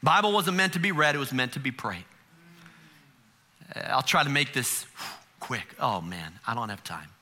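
A man's voice: medium pitch, lively intonation, normal speed, long pauses, bright, forceful tone. A middle-aged man preaching a sermon as pastor, conversational and humorous, with frequent rhetorical questions.

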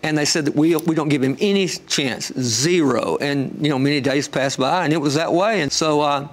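A man guest telling an emotional testimony with fervent storytelling, rising high when excited. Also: moderate pace.

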